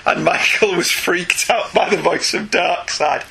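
A man's voice: high voice, measured pace, gravelly, sharp tone, slightly rough. A man co-hosting a casual chat show, reading listener emails aloud and laughing often.

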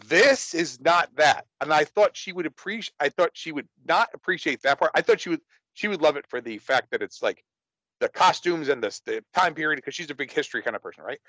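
A man's voice: a little high, a bit bright, dry recording, rough recording. Rambling man in a film chat. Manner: rambling, many restarts. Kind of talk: casual movie discussion.

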